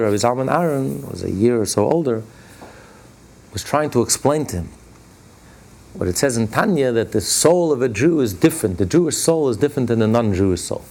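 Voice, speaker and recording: A man teaching a religious lesson and telling stories, stressing key words with sudden jumps in pitch. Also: mellow. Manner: retells stories by acting out their dialogue. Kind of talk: Torah class storytelling.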